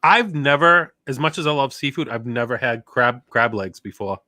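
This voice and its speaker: A man's voice: mid-range voice, fairly even intonation, moderate pace, sharp tone. A man hosting a casual livestream chat on a video call, talking animatedly and laughing often. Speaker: host.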